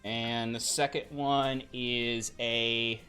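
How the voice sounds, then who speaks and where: A man acting as game master, laying out rules and narrating in a relaxed way and laughing often. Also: mid-range voice, very slow, smooth, faint music behind.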